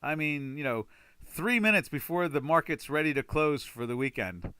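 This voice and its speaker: A man from the United States hosts a live webinar, talking loosely and rambling between points. His voice is bright and forceful. The recording is dry and close. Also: a little high, expressive, normal speed, smooth, no echo. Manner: chatty, rambling, exclaims loudly in frustration. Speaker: trading webinar host. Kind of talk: casual live webinar talk.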